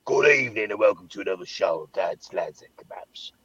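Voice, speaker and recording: A man's voice: fairly low pitch, lively intonation, brisk, fairly bright tone, slightly rough, dry recording. A man hosting a podcast over a phone call from his parked car, bantering casually and swearing freely. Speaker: podcast host. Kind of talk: casual chat. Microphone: phone call through car Bluetooth.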